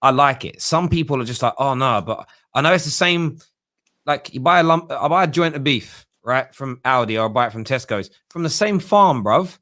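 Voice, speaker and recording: A man's voice: medium pitch, expressive, normal speed, fairly bright tone. A young man hosting a football fan show, chatting casually with callers and mocking others in whiny put-on voices.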